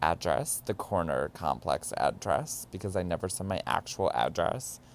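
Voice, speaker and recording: Candid, profane young podcast host. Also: male voice, deep voice, lively intonation, moderate pace, vocal fry, slight background noise. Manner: candid, profane, dramatic exclamations. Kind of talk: casual storytelling monologue.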